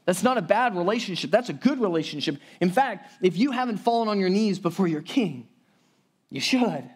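High-voiced man preaching conversationally. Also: animated, brisk, breathy edge. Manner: conversational, emphatic, many restarts and asides. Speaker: pastor. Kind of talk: sermon.

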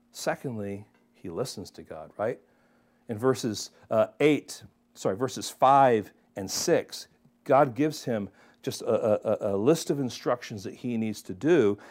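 A man's voice: medium pitch, a little mellow. A man preaching a sermon, who calls his listeners friends and keeps asking them rhetorical questions. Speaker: pastor.

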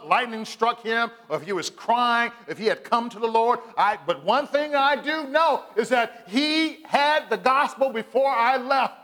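A man's voice: sits high, big-room sound. A man preaching a sermon as pastor, telling stories with quoted voices and calling for "Amen" from the congregation. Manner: call-and-response preaching, asks "Amen?"; animated storytelling with quoted voices.

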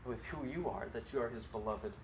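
A man preaching a sermon in a conversational, earnest way, with quick asides. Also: medium pitch. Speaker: pastor. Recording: echoey hall, faint background noise.

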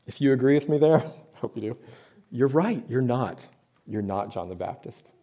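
A man's voice: mid-range voice, expressive, moderate pace, mellow. A man preaching a sermon to his church, talking in a conversational way with rhetorical questions and emphatic points. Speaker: pastor.

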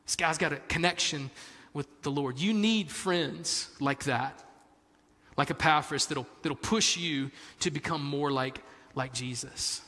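A man preaching a sermon as pastor, telling stories in an animated way that swings from hushed to emphatic. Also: fairly high pitch, measured pace. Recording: long hall reverb.

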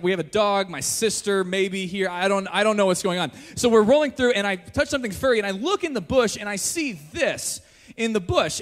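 A young pastor with a high, light voice tells his story with joking asides and quick shifts of energy. His words ring out with a long echo through a large church hall. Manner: jokey, animated storyteller. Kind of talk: sermon with personal story.

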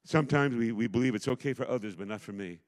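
A man's voice: medium pitch, fast. Emphatic middle-aged male pastor preaching. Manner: emphatic, swings between loud declarations and hushed asides. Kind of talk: impassioned sermon. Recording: long hall reverb.

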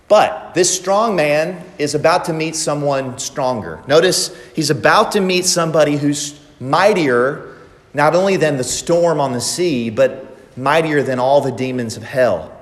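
A man's voice: a little high, measured pace. A man preaching a sermon in a church, emphatic and repeating phrases for effect. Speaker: pastor. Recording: long reverb of a large hall.

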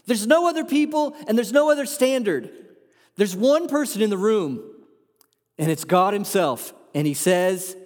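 Pastor, male, high voice, earnest emphatic sermon delivery, rhetorical questions, long hall reverb. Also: lively intonation, normal speed.

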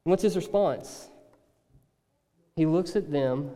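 A man preaching a sermon in a conversational, animated way, slipping into acted asides. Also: fairly high pitch, slow pace, long pauses, in a large hall. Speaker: pastor.

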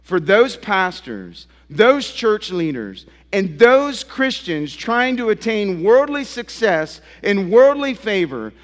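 Impassioned high-voiced pastor preaching. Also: male voice, big pitch swings, slow pace, few pauses, big-room sound. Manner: impassioned preaching with rising and falling emphasis. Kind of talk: sermon. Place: church sanctuary.

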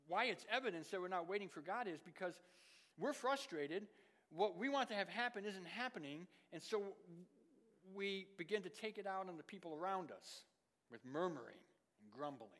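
A middle-aged man preaches in a voice pitched above the usual male range. He moves between forceful, emphatic stretches and quiet, dropped-down asides. His words ring out with a long reverb, as in a large church hall. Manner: shifts between loud emphatic lines and hushed, low asides. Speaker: pastor. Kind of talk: sermon.

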